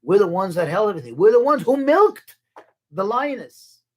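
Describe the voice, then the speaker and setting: A man's voice: sits high, very animated, moderate pace, darkish tone, voice pushed up. A man voicing a pair of cocky, bragging talking hands in a fable. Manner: dismissive bragging.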